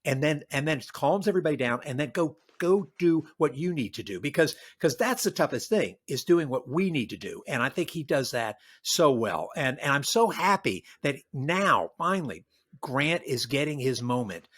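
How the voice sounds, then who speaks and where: Animated older Southern-born army man. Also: a little high, normal speed, slightly rough. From American South. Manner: animated, acts out quoted voices, frequent restarts. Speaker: guest, retired army general and historian. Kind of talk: podcast interview.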